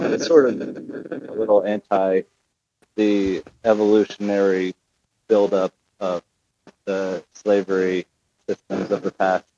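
A man's voice: lowish voice, dark tone, no room sound, highs cut off. A male caller on a talk show who speaks hesitantly, with many fillers and restarts. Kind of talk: call-in conversation.

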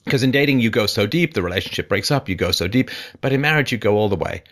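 A man's voice: on the low side, quick pace. Emphatic man hosting a call-in show. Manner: emphatic, animated, rhetorical questions. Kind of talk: call-in advice talk.

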